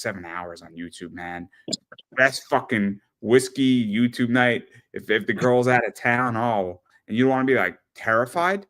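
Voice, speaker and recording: A man hosting a casual podcast chat, rambling and animated, often repeating words as he tells stories. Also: mid-range voice. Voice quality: rambling, animated storyteller with frequent stammered repeats. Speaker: podcast host.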